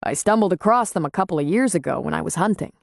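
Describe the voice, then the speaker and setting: A woman voicing a calm, plain-spoken man who runs a small-town bar, in an audiobook. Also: on the low side, fast, gravelly, no room sound, clean studio sound. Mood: steady. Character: Jack, male small-town bar owner, calm and steady.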